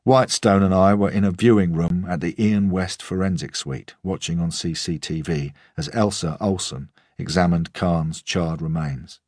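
A man narrating a crime audiobook in the first person, measured and grave, with a husky voice. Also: deep voice, a little mellow, no echo, studio quality. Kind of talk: scripted narration.

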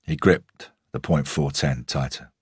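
Very deep husky male narrator. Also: fairly even intonation, no echo, studio quality. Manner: measured, tense first-person storytelling. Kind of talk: scripted audiobook narration.

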